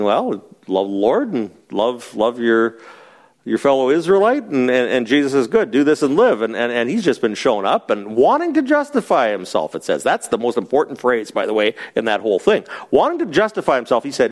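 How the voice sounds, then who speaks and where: Lively man teaching a casual Bible study. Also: mid-range voice. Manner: lively, joking, asks the group questions. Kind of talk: conversational Bible teaching with congregation interaction.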